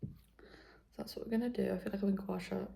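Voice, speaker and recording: A woman's voice: medium pitch, fairly even intonation, fast, creaky, dark tone. A young British woman chatting casually to camera in a vlog, rambling and correcting herself, sometimes dropping to a whisper. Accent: British English. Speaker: vlogger.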